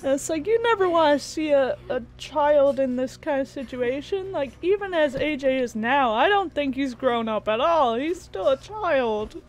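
A young woman gaming YouTuber gives let's-play commentary while playing a video game, reading its prompts aloud in a sentimental way. Her voice is high and animated, at normal speed with hardly any pauses.

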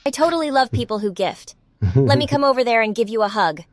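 A man reading out a chat message in a high, cooing put-on voice as an affectionate viewer, over dull lo-fi stream audio. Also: lively intonation, fast talker, dry recording. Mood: gushing.

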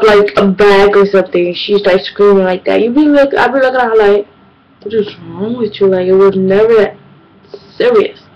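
A woman's voice: mid-range voice, dull audio. A young woman, telling exasperated comedic stories in a casual, slangy vlog monologue. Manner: animated, exasperated, slangy storytelling. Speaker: vlogger.

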